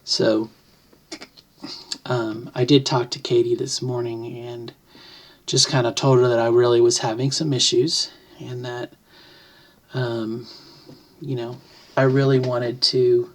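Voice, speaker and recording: A woman's voice: rumbling low, flat delivery, slow, pauses often. A middle-aged trans woman talking to camera at home, thoughtful and rambling, with many restarts and wry jokes. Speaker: vlogger. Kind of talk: casual to-camera talk. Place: home, at a computer desk.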